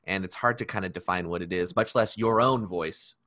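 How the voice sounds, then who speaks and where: A man's voice: sits low, fairly quick, sharp tone. A man hosting a podcast in casual, playful chat with his co-hosts. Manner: playful, leads the banter. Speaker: podcast host. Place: recording studio.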